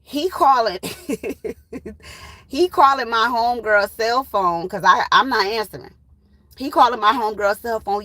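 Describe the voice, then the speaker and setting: A woman in her thirties, a tarot channel host, telling a personal story in a blunt, profane, animated way. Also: medium pitch, brisk, no echo, poor audio. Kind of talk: casual storytime.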